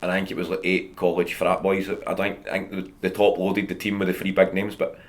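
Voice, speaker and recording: A brisk, low voice with little pitch movement belongs to a Scottish comedian in his thirties. As a guest, he chats casually, tells stories, and laughs often.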